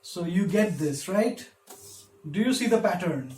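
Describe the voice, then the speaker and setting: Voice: medium pitch, lively intonation, measured pace, darkish tone. A lecturer explaining a poem's meter in an online lesson, hesitating often with ums and uhs and counting out the stresses. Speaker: literature lecturer. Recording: roomy echo.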